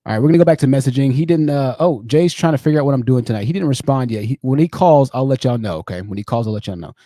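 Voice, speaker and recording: A man's voice: mid-range voice, lively intonation, fast, warm tone, dry recording, studio quality. A young man chatting casually on a livestream, talking straight to his viewers and often repeating himself. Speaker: livestream host.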